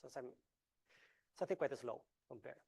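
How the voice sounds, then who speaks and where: A man gives a research talk in lecture style, explaining step by step with many filler sounds, restarts and deliberate pauses. His mid-range voice is gravelly and a little mellow, and the recording is slightly rough.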